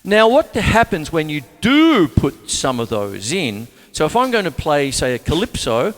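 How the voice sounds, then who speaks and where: A man's voice: a little high, huge pitch swings, moderate pace, few pauses, faint music behind. A man from Australia giving a chatty, rambling drum lesson, counting beats aloud as he plays a kit. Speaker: drum teacher. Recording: long hall reverb, drums playing loudly.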